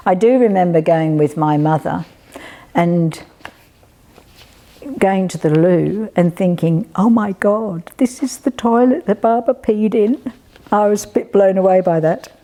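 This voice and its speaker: Older aussie lady rambling through memories, gravelly voice, kinda mellow and dark. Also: fairly low pitch. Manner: rambling, chatty, with frequent fillers. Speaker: storyteller. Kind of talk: casual spoken reminiscence.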